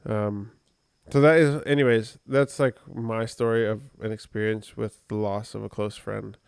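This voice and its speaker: Low, gravelly man in casual chat. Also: steady tone, moderate pace, dry recording, studio quality. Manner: rambling storytelling with many fillers. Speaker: podcast co-host.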